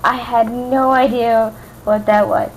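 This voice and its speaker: An eager, bookish young unicorn mare with a bright, quick, raised voice, as a woman reader puts her on. She talks briskly and keenly, over a faint background hiss. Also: on the high side, fairly even intonation, poor audio. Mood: puzzled. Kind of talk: fan reading with voiced characters.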